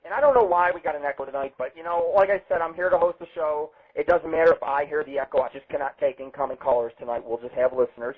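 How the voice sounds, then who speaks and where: A man's voice: on the high side, fast talker, hardly any pauses, breathy edge. A man hosting a live internet radio show, brash, boastful and heavily profane, rambling between topics. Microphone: webcam setup. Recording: tinny lo-fi phone-like sound.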